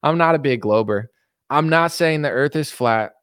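A man's voice: a little high, normal speed, fairly bright tone, clean tone, no echo, clean studio sound. A man from the United States answering viewer questions in a casual, rambling, joking livestream chat. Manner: rambling, joking, reads viewer comments aloud.

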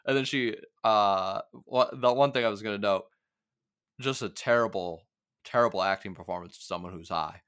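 Podcast co-host, male, relaxed and chatty, smooth low voice, dry close mic. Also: dry recording. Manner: chatty, laughing, quick asides. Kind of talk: casual podcast chat.

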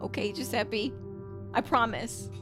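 A woman's voice: a little high, measured pace, fairly bright tone, soft background music. A woman voicing a tearful, forgiving young plant-born girl in a tabletop game, pleading as she breaks into tears. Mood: soft.

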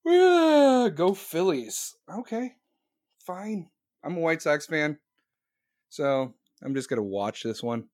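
Male streamer, profane and rambling; fairly high voice, close and dry. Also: takes it slowly, long pauses, dry recording. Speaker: livestream host. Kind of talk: casual livestream chat.

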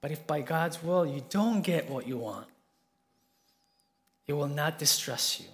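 A man preaching a sermon, telling a story earnestly and swinging between soft and emphatic delivery. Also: fairly high pitch, expressive, a little slow.

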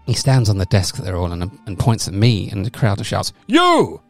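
A man, co-hosting a comedy podcast and rambling through a deadpan, absurd story, with sudden loud shouts now and then. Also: on the low side, quick pace, vocal fry, faint music behind. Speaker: podcast co-host. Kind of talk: casual comedic podcast banter.

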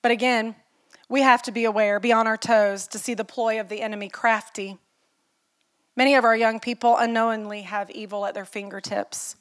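A woman's voice: fairly high pitch, fairly even intonation, a little fast, fairly bright tone, smooth. Earnest middle-aged woman pastor preaching. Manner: earnest, personal storytelling with rhetorical questions. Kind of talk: sermon.

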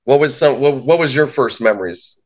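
A man co-hosting a podcast in casual chat, laid-back, who often laughs and chimes in with quick agreement. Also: medium pitch, expressive. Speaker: podcast co-host.

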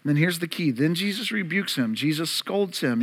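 A male pastor with a high, ringing, bright but husky voice preaches an Easter sermon at normal speed. He's animated and earnestly convinced, repeatedly putting direct questions to the congregation, and his tone stays focused and urgent throughout.

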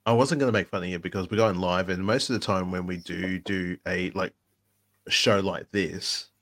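A man co-hosting a casual live-stream podcast speaks in a fairly low voice. He rambles, often restarting and repeating himself, as he feels his way through a thought. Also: steady tone, moderate pace, fairly bright tone. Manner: rambling, with frequent restarts and fillers. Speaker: podcast co-host.

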